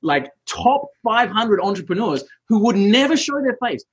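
A man's voice: high voice, very animated, normal speed, muffled recording, slight background noise. A man hosting an interview who jumps in with enthusiastic praise and follow-up questions. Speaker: podcast host. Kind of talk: casual interview talk.

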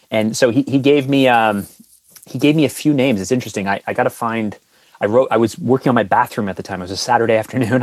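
A man's voice: on the low side, no room sound. Friendly teasing man, dry sound. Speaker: podcast guest. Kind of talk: casual conversation.

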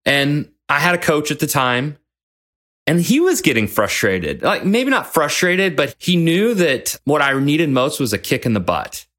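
Earnest folksy man, fairly high voice. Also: big pitch swings, unhurried, a bit bright. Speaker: podcast host and leadership coach. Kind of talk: personal storytelling monologue.

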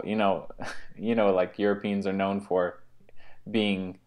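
An American man co-hosting a relaxed conversation, his voice sitting a little low. He speaks haltingly, often stopping and restarting as he looks for the right words. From United States. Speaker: co-host. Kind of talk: casual chat.

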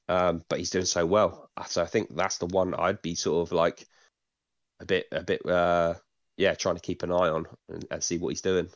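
A man's voice: sits low, no echo, lo-fi sound. A man co-hosting a podcast, chatting casually with lots of fillers, restarts and casual swearing. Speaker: podcast co-host. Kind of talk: casual chat.

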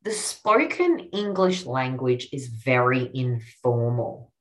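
An Australian woman coaching her podcast listeners in a relaxed, chatty teaching style, her voice low for a woman. She speaks at an unhurried pace, yet her pitch swings widely with upbeat, encouraging energy. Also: faint music behind. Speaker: podcast host and copywriting coach. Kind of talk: casual instructional podcast.

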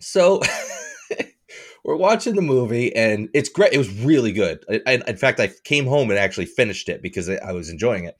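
A male podcast co-host at an ordinary pitch, chatting casually. He rambles in a relaxed way, restarts his sentences and laughs easily. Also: normal speed. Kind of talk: casual chat.

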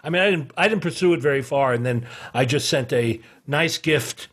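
A middle-aged man, a guest on a podcast, tells his stories in a loose, rambling way. He chuckles often and fills gaps with "uh" and "you know." His voice is husky and sits at a medium pitch. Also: normal speed, a bit bright. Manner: rambling, many fillers and restarts, chuckles often. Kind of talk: casual anecdotal storytelling.

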